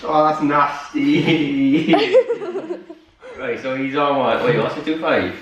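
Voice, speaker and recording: Slow, drawling man. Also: mid-range voice, a bit bright, highs cut off, slight background noise. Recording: very echoey room.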